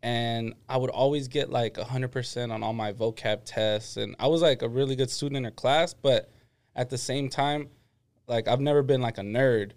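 A young man with a smooth, resonant voice chats casually on a podcast. He rambles through his school memories, packing his sentences with fillers. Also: medium pitch, moderate pace, darkish tone. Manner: rambling, heavy use of "like". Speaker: podcast co-host. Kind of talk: casual chat.

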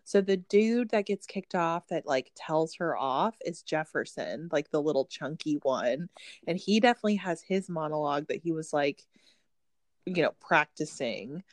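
A woman co-hosting a book podcast in casual chat, animated and acting out what people said. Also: deep voice, normal speed, no room sound. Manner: animated storyteller, acts out quotes. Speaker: podcast co-host.

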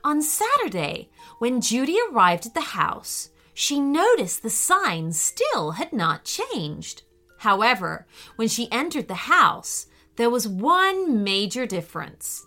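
A woman narrating a children's story in a slow, expressive way. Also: a little high, faint music behind.

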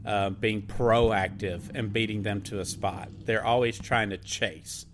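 A man co-hosting a casual sports podcast, animated and mocking, laughing as he talks. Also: lowish voice, unhurried, a little hiss or hum. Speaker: podcast co-host.

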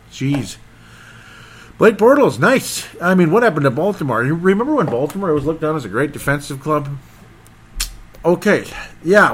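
A middle-aged man hosting a casual solo sports show, rambling excitably and often losing his train of thought. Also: medium pitch.

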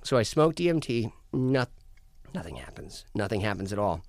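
A man, a musician guest, telling stories in casual chat, animated and swearing, acting out quoted lines. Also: lowish voice, normal speed, no room sound. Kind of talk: casual storytelling.

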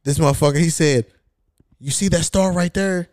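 A man's voice: fairly high pitch, moderate pace, a little mellow, dry recording, studio quality. A podcast host telling a long, profane story in casual chat, acting out the people he quotes. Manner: profane, acts out quoted voices.

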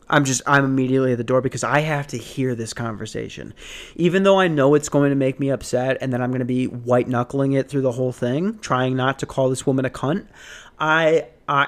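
A man's voice: mid-range voice, steady tone, moderate pace. A man hosting a podcast, ranting casually in a rambling, profane, sardonic way with sighs and restarts. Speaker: podcast host.

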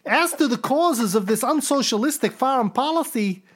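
Guy putting on a high nervous whiny voice, hamming up a stiff political speech. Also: lively intonation, normal speed. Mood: mock-dramatic. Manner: mock-dramatic, comic impression. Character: high-pitched jittery grown man reading a manifesto. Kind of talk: comic impression.

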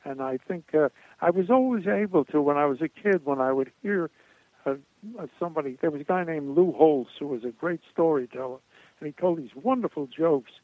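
An older man reminisces with a storyteller's meandering rhythm, dotted with hesitations and restarts. His voice sits a little high for a man and comes through a thin, phone-like line with no room sound at all. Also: fairly quick, no echo. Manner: rambling anecdotes with frequent uh and restarts. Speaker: guest comedian. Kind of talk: storytelling in a radio interview. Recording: tinny dry phone line.

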